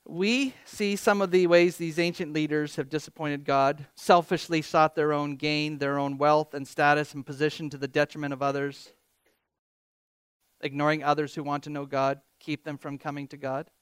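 A man preaching a sermon as pastor, animated, reading scripture with rising emphasis and joking about himself. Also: on the high side, normal speed, clear, resonant tone, no echo. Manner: animated, quotes scripture with rising emphasis, self-deprecating humor.

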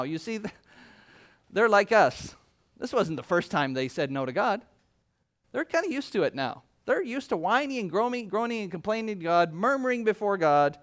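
A man preaching a sermon, retelling scripture in his own words and acting out the speakers in lively voices. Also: high voice, normal speed. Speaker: pastor.

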